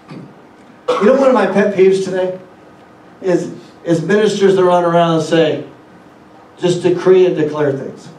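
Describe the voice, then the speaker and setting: A man's voice: high-pitched, a little mellow, roomy sound, distant mic, rough recording. A man preaching a sermon as a guest speaker, asking the congregation rhetorical questions and quoting scripture. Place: church hall.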